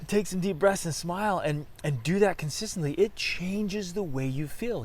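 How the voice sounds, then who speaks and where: A man hosting a motivational talk, speaking energetically with big swings in volume and lively delivery. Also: fairly high pitch. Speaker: podcast host and coach.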